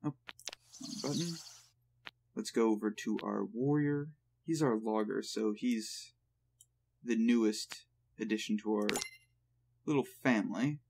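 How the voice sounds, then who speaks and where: A man's voice: on the low side, a little slow, gravelly, pauses often, slight background noise. Man casually narrating his gameplay. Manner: relaxed, thinking aloud while playing. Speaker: gaming channel host. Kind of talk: let's play commentary.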